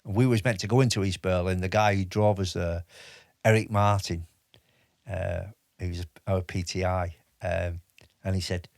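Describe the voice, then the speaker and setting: Man in his fifties, low voice, halting stop-start storytelling, dry close mic. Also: fairly even intonation, gravelly, darkish tone, no echo. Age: 50s. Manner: halting, with many restarts and fillers. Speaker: podcast guest, army veteran. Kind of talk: casual interview storytelling.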